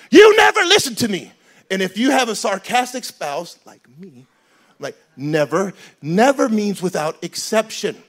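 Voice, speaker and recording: High-pitched guy preaching at church into a mic, jokey, swings loud to quiet. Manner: animated, joking, shifts between loud emphasis and quiet asides. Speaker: pastor. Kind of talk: sermon. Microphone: handheld microphone.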